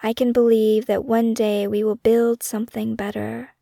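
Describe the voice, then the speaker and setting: A woman narrating her own memoir in a measured, reflective scripted reading for a podcast she wrote. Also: fairly high pitch, level tone, vocal fry, dark tone, soft background music.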